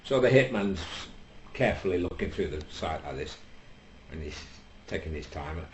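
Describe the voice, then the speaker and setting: An older man with a Northern English accent telling a long, rambling comic story, deadpan and full of hesitations. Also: low voice, normal speed. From England. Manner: deadpan, digressive, lots of hesitations. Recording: echoey room with faint background hum.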